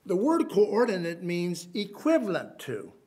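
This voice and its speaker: A man preaching a sermon, swinging between loud emphatic bursts and quiet asides, using Hebrew names for biblical terms. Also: sits high, wildly swooping pitch, measured pace.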